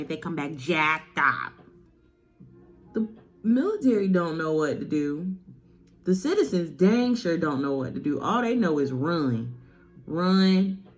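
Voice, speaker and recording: Low-voiced woman vlogger, animated comedic storyteller, slangy. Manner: animated, slangy, swears for laughs.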